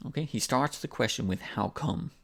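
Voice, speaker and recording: A man's voice: medium pitch, lively intonation, moderate pace, creaky, fairly bright tone. A man teaching an English lesson in a casual, patient way, repeating examples to explain them. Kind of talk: language lesson.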